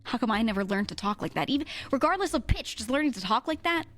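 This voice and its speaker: Talking quickly and loosely to her chat, a woman streamer curses without restraint and laughs a lot. She speaks in a mid-to-low register and sounds expressive, while faint music plays behind her.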